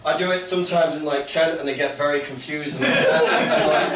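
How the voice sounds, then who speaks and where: High-voiced man doing stand-up in a club. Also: a little fast, few pauses, over a noisy crowd. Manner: sarcastic, lively, mocks online complainers in a loud put-on voice. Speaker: stand-up comedian. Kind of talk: stand-up comedy set. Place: comedy club stage with a laughing audience. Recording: roomy club recording, heard from a distance, loud background noise.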